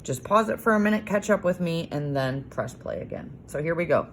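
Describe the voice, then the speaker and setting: A woman with a low voice records a homework lesson for young children. She sounds out letters slowly in a sing-song way and praises often. A faint hiss sits under the voice. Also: lively intonation. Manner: encouraging, praising. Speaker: teacher.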